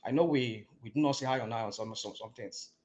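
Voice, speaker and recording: A man's voice: medium pitch, a little fast, darkish tone. A man, arguing indignantly in a heated political debate and repeating words to break in. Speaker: caller in a political discussion.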